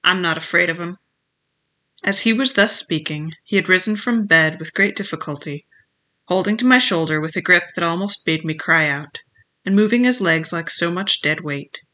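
A narrator reading a novel chapter aloud in a steady, measured storytelling manner. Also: medium pitch. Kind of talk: scripted audiobook narration.

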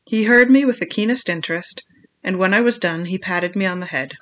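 An audiobook narrator telling an adventure tale in the first person. The reading is measured and expressive, in a bright, crisp tone of middling pitch.

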